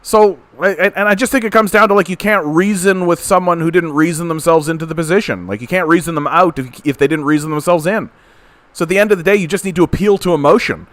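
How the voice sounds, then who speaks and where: A man's voice: fairly high pitch, quick pace, no room sound. A Canadian man hosting a political commentary livestream, ranting in a blunt, profane, exasperated way.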